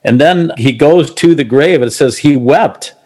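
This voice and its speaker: A man's voice: a little high, moderate pace, breathy edge. A man talking casually about faith on a talk show, telling personal stories and chuckling now and then. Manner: animated, personal anecdotes, chuckles often. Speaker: co-host of a faith talk show, former shopping-channel host.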